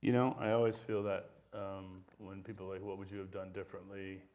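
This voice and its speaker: A man hosting a casual on-stage interview, frank and relaxed, swearing now and then. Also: low voice, a little fast. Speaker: host.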